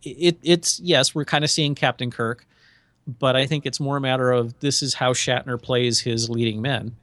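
A man co-hosting a podcast, chatting casually and telling stories with lively, acted-out quotes. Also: mid-range voice, moderate pace, no room sound. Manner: animated storyteller, acts out quotes in shifting voices. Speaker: podcast co-host. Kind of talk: casual chat.

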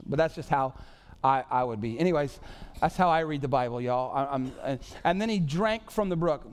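A man's voice: medium pitch, normal speed, clean tone. A man preaching a casual, joking sermon full of "y'all" and "like". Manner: animated, joking, says "y'all" and "like" a lot. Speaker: pastor.

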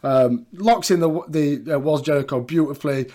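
A man's voice: on the high side, moderate pace, dark tone. A man co-hosting a podcast, recapping wrestling in casual chat with lots of laughter and quoted lines. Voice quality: laughs often, quotes lines in put-on voices. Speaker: podcast co-host.

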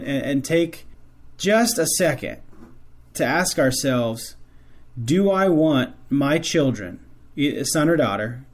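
A man hosting a Catholic show, talking earnestly to fathers in a preaching style and repeating phrases for emphasis. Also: medium pitch. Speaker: host of a Catholic faith show.

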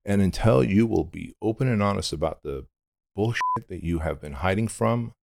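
Man from Armenia, middle-aged, gravelly, very low, candid, blunt. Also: expressive, normal speed, a little mellow. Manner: intense and blunt, casual swearing. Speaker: guest. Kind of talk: candid storytelling interview.

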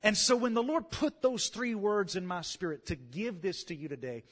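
A man with a Louisiana Southern accent preaching a sermon, building his lines up to loud calls and amens. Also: high voice, moderate pace. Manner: animated, swells to loud calls of "come on" and "amen".

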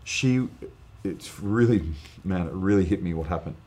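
A man, a guest preacher, telling an earnest, animated testimony story in casual podcast chat, with lots of fillers. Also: low-pitched, moderate pace.

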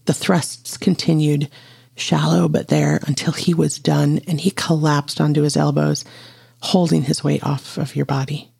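A storyteller reading an intimate audio story aloud in a slow, steady way. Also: mid-range voice, vocal fry, breathy edge, no room sound. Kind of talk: scripted narration of an audio story.

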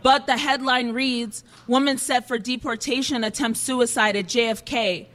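A woman performing spoken word poetry in a measured, deliberate way. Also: a little high, steady tone, a bit bright.

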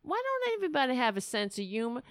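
A woman's voice: high voice, wildly swooping pitch, quick pace, dry recording, clean studio sound. A middle-aged woman hosting a casual livestream, rambling and self-mocking as she chats to viewers and her cat. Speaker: livestream host.

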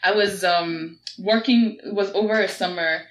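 A woman's voice: medium pitch, steady tone, normal speed. Chatty young Nigerian woman, roomy sound. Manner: chatty, laughing along, questioning. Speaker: podcast guest. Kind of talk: casual chat.

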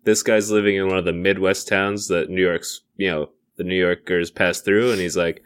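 A man's voice: low voice, little pitch movement, moderate pace, few pauses, clear, resonant tone. A man co-hosting a podcast, trading jokes in casual improvised comedy chat and laughing often. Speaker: podcast co-host.

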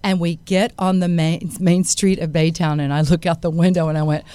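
A woman's voice: fairly low pitch, level tone, brisk, mellow, clear, resonant tone, no echo. A woman from Texas, a podcast guest speaking frankly in casual conversation. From Harlingen, Texas. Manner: frank and laughing.

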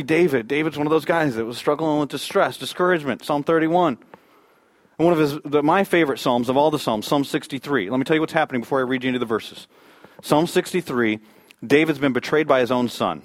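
A man preaching a sermon, telling a story and building to loud high peaks before dropping to a near hush. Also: no echo. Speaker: pastor.

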